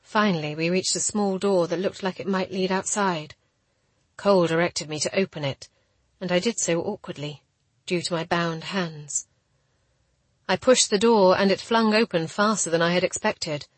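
Woman, audiobook narrator, husky, lowish voice, dry close sound, steady and measured. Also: dry recording. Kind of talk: scripted first-person narration.

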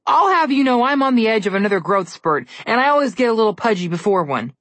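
A woman's voice: fairly high pitch, sing-song, quick pace, a bit bright, dry recording, pitched above the performer's own voice. A woman voicing a cautious, sarcastic young boy in a storybook reading, with dry, indignant remarks. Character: sarcastic, cautious boy, the girl's twin brother.

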